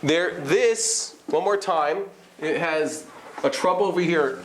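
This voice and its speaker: Rabbi teaching in an echoey room. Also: male voice, sits high. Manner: explanatory, questions the class, demonstrates vowel sounds. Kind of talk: live classroom lecture. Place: study hall classroom.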